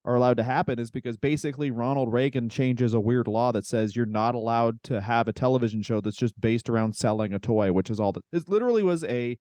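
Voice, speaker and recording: A man's voice: mid-range voice, mellow, dry recording. Wry, laughing podcast co-host man. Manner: laughing, wry storytelling with swearing. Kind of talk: casual comedic podcast chat.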